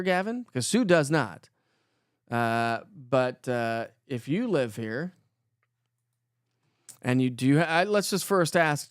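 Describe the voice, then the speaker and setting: Recorded dry in clean studio sound, a man with a fairly high-pitched, clean-toned voice hosts a morning weather livestream from Colorado. He keeps it upbeat and joking, reading comments aloud and greeting viewers by name.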